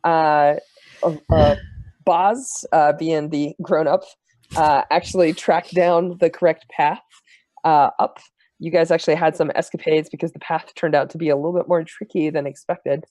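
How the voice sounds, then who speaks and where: A man serving as game master, recapping the last tabletop session in a halting, filler-heavy way. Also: fairly high pitch, fairly even intonation, darkish tone, no room sound.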